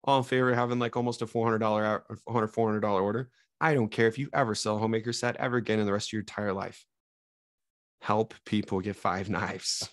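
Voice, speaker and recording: A young man leads a sales training session in a lively, up-and-down voice, talking straight to his team. His voice sits fairly low. The sound is dry and close, with almost no room in it. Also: fast talker, no room sound. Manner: energetic, up-and-down delivery, talks straight to his trainees.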